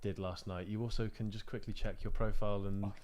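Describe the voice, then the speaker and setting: A man's voice: on the low side, little pitch movement, a little fast, a crowd in the background. A man co-hosting a podcast, dropping dry, teasing remarks in casual chat. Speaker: podcast co-host.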